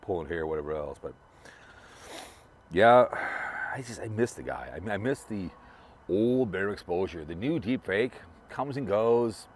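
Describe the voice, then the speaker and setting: Low-voiced man rambling while driving. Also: expressive, normal speed, pauses often, slight background noise. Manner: rambling, repetitive, restarts a lot. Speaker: vlogger remembering a late fellow creator. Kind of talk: casual rambling monologue.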